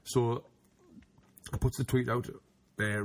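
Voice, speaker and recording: A man's voice: medium pitch, fairly even intonation, brisk. A man telling a rambling anecdote in casual chat, restarting often and laughing as he goes. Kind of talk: casual storytelling.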